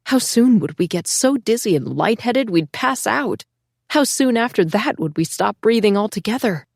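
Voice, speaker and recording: A woman's voice: medium pitch, animated, moderate pace, creaky, a little mellow, no room sound, clean studio sound. Woman narrating an emotional audiobook. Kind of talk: scripted first-person audiobook narration.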